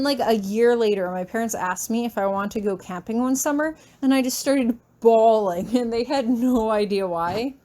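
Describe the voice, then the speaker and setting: A woman reading first-person fan fiction aloud in a lively, chatty, expressive way. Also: a little high. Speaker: reader.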